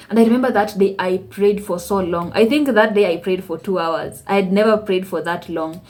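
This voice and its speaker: A woman's voice: medium pitch, brisk, hardly any pauses. Kenyan woman telling a faith story. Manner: animated, acts out her conversations with God. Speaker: vlogger. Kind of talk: personal testimony storytelling.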